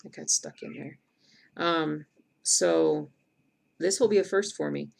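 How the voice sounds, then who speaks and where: Middle-aged woman, streamer, heavy vocal fry, chatty and rambling, casual live-stream chat. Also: low voice, takes it slowly. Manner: chatty, rambling, answers viewer comments aloud. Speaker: cross-stitch streamer.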